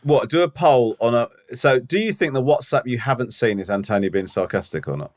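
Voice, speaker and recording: A man's voice: medium pitch, lively intonation, fairly quick. A young man co-hosting a podcast in casual chat, sardonic and mock-disgusted, with a lot of swearing. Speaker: podcast co-host.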